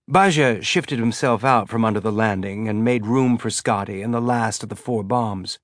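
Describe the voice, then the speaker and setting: A man reading a story aloud in a measured, even narration. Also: fairly low pitch, dry recording, studio quality. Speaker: audiobook narrator. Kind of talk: scripted narration.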